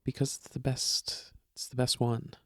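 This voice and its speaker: A man's voice: medium pitch, monotone, a little slow, fairly bright tone, no echo, studio quality. A man with a slight Southern American accent chatting casually on a podcast, rambling and self-deprecating, often trailing off. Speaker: podcast co-host, partner. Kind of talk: casual chat.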